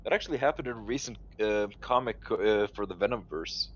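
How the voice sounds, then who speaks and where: A man co-hosting a casual chat, quick to ask questions and correct details. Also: fairly low pitch, muffled recording. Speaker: podcast co-host.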